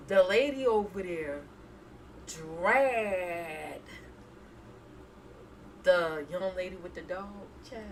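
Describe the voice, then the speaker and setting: A woman's voice: lowish voice, very slow, pauses often, a little hiss or hum. Chatty woman streamer, mic a bit distant. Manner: chatty and laughing, reads viewer emotes aloud. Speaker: reaction streamer. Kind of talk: casual live-stream chat.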